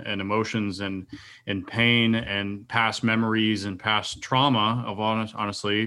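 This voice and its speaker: A man speaks as a podcast guest, telling his story in an earnest, halting way with frequent restarts. His tone is bright and forceful, set a little low. He sounds like a military veteran opening up. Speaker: guest sharing a personal story.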